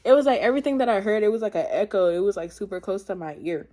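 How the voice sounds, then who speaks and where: A teenage woman tells her own story straight to her viewers. She rambles with many fillers and slips into casual slang, calling her audience y'all. Her voice sits at an ordinary middle pitch. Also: animated, racing, mellow. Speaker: vlogger. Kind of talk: storytime testimony.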